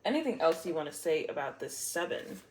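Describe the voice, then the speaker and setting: A woman's voice: low voice, big pitch swings, fairly quick, darkish tone, a little hiss or hum. A woman giving a casual tarot reading to camera, playful and blunt, swearing freely and laughing often. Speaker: tarot reader.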